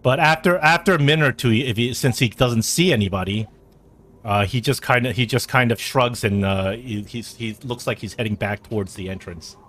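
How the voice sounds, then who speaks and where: A man narrating a tabletop game as game master, halting with many fillers. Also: mid-range voice, fairly bright tone.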